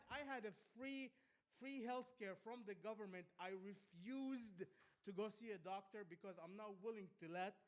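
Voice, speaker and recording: Profane high-voiced comic ranting defiantly. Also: male voice. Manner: profane, defiant, loud bursts then muttering. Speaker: stand-up comedian. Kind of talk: rambling open-mic stand-up rant. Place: small comedy club.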